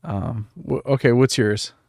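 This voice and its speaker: A man's voice: mid-range voice, measured pace, vocal fry, darkish tone, no room sound, clean studio sound. A man co-hosting a podcast, chatting about a horror film in a laid-back way, saying "like" a lot. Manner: laid-back, laughs along, says like a lot. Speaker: podcast co-host. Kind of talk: casual movie chat.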